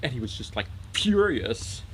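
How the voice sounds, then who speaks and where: A man casually retelling a story with lots of fillers and a deadpan, rambling manner. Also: on the low side, brisk, slight background noise, poor audio. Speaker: comedic storyteller.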